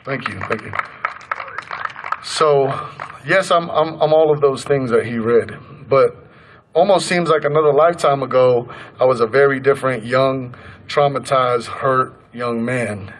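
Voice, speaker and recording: A man's voice: mid-range voice, poor audio. A man in his thirties from Colorado, telling his personal story in an earnest, conversational way and acting out the lines of others. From Colorado, USA. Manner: earnest, conversational, acts out quoted dialogue. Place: protest gathering outdoors.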